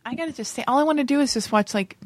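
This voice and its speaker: A woman hosting a podcast, chatting casually and reacting quickly to her guest. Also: high voice, no room sound. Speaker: podcast host. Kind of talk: casual chat.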